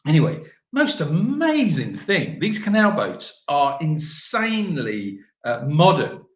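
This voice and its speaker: A man's voice: a little high, wildly swooping pitch, slow pace, reverberant. Chatty man reading live chat. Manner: chatty, joking, reads out viewer messages.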